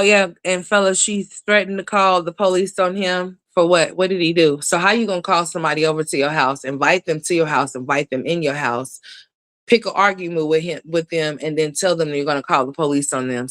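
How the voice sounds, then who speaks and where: A woman's voice: deep voice, steady tone, a little fast, fairly bright tone, dry recording. A woman hosting reaction commentary, blunt and profane, firing off rhetorical questions. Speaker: commentary channel host.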